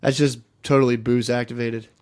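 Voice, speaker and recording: A man's voice: mid-range voice, level tone, a little fast, a little mellow, clear, resonant tone. A man co-hosting a podcast in casual banter, rambling through stories with lots of swearing and trailing-off thoughts. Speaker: podcast co-host.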